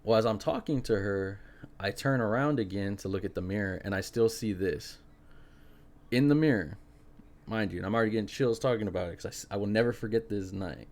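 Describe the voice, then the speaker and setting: A young man hosting a podcast, telling a spooky personal story in an animated, casual way, full of fillers. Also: fairly low pitch, a little fast. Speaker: podcast host.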